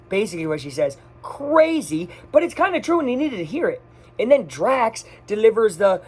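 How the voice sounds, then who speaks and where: A person giving a casual, off-the-cuff movie review, gushing and excitable, talking in quick bursts. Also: medium pitch, slightly rough.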